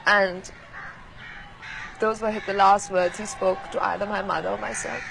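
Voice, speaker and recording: A woman from Pakistan recalling events in an archival interview, speaking in a quiet, measured, reflective way. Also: mid-range voice, little pitch movement, vocal fry, slight background noise, rough recording.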